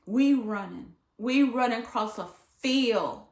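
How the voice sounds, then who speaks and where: A woman from Michigan telling a casual storytime, acting out the people she quotes and at times dropping to a hush. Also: on the high side, takes it slowly. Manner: animated, dramatic retelling with voiced quotes; drops to hushed near-whispers at times. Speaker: vlogger. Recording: echoey room.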